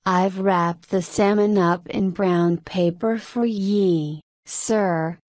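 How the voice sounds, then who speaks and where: A woman reading the lines of a sleepy, blunt young hotel boy in a story, plainly and unhurried. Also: on the low side, fairly even intonation, darkish tone, no room sound, clean studio sound.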